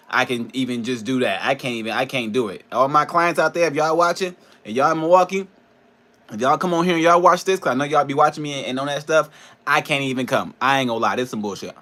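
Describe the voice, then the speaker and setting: A man's voice: on the high side, bright, forceful tone. A man, a personal trainer and nutrition coach, ranting in a casual vlog, frustrated and profane, rambling between laughs.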